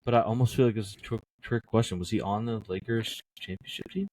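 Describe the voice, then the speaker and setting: A man co-hosting a podcast, reading trivia questions aloud in a casual chat, laughing often and thinking out loud over the answers. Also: fairly low pitch, fast talker.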